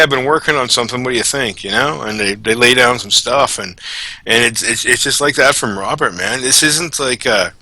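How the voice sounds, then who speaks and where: A relaxed man co-hosts a game development stream and chats easily, tossing in "man" often. His voice is very bright and forward. The sound is dry and close, with no room echo. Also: mid-range voice. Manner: laid-back, calls people "man". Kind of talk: casual livestream chat.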